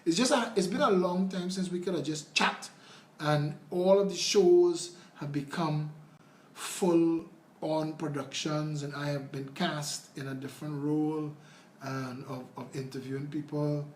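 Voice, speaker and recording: A man's voice: a little high, fairly even intonation, unhurried. A man with a Trinidadian accent, a political candidate talking earnestly on a casual livestream and answering viewer comments. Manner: earnest, rambling, conversational. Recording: roomy with faint noise.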